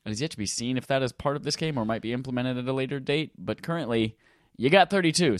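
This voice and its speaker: A man's voice: medium pitch, fast talker, no echo, studio quality. A man hosting a gaming podcast in casual chat, joking and irreverent, with playful asides as he runs through the news. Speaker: podcast host.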